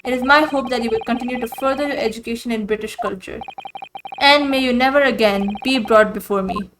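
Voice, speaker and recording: A man's voice: very high voice, fairly quick, background noise. A woman voicing a stern, formal judge who delivers grave pronouncements. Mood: solemn.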